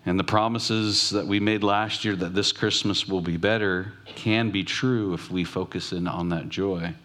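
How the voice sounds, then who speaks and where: A man preaching a sermon, reflective, asking questions aloud and slowing down to stress key words. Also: low voice, fairly even intonation, fairly bright tone. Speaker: pastor.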